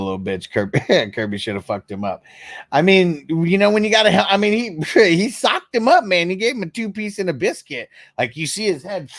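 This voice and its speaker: A man hosting a casual fantasy football live stream, reading viewer comments aloud, cursing freely and laughing often, sometimes animated and sometimes mumbling low. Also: no echo, clean studio sound. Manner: profane, laughing, swings between animated and mumbling. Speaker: fantasy football podcast host.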